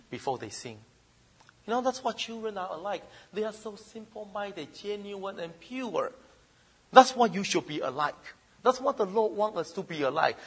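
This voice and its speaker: A middle-aged man with preaching a sermon, swinging between loud emphasis and soft asides. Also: slightly rough. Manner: mimics whining child voices in falsetto. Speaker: pastor.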